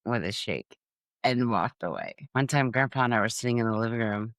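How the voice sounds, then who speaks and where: A middle-aged woman hosting a podcast, telling humorous family stories in an animated way and laughing at her own jokes. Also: extremely low pitch, brisk, no room sound, studio quality. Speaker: podcast host.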